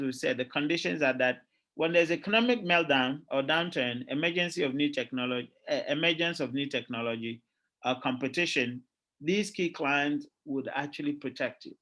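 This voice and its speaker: A middle-aged man with a Ghanaian accent, giving a lively classroom lecture as a university lecturer and often checking in with his students. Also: fairly high pitch. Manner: lively, keeps checking in with "all right?" and quizzing students.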